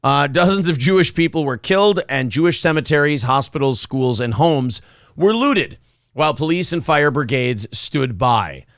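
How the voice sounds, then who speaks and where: Gravelly-voiced male morning show host. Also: fairly high pitch, expressive, normal speed, fairly bright tone, no echo, studio quality. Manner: irreverent, joking, stammering restarts. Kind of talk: casual comedic radio talk. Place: studio.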